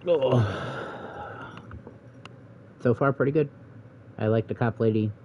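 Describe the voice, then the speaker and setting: A man giving relaxed, rambling commentary while playing a video game, thinking aloud as he goes. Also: mid-range voice, fairly quick, lo-fi sound, slight background noise. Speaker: let's play gamer. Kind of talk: casual gameplay commentary.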